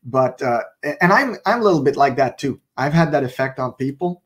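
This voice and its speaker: A man's voice: medium pitch, expressive, brisk, breathy edge. A man co-hosting a casual faith podcast, playful and fond of wordplay, telling stories with animation. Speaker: podcast co-host and author.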